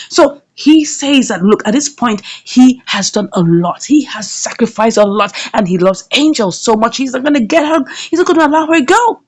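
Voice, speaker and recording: A woman giving a lively recap of a drama episode, asking her viewers questions as she tells it. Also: a little high, normal speed, few pauses. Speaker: drama series reviewer.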